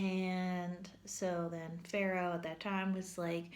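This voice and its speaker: A woman's voice: lowish voice, fairly even intonation, measured pace, few pauses, slight background noise. A woman giving a casual, humorous Bible lesson at church, chatty and full of filler words. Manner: chatty, humorous, says "like" a lot. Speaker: church teacher.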